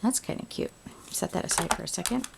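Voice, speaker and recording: A woman's voice: lowish voice, quick pace, creaky, background noise. A woman hosting a home craft tutorial, chatting casually and thinking aloud as she works. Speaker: crafting video host.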